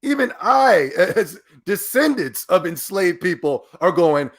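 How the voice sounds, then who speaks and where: A man hosting a podcast, giving emphatic, animated commentary that repeats itself when he gets worked up and often breaks into laughter. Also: sits high, takes it slowly. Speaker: podcast host. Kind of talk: ranting commentary.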